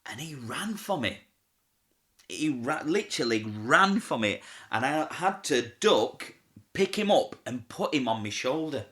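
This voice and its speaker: Bright-voiced chatty man. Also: mid-range voice, sing-song, a little slow. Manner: chatty, laughs often, acts out quoted voices. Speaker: pantomime comic, guest. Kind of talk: casual storytelling interview.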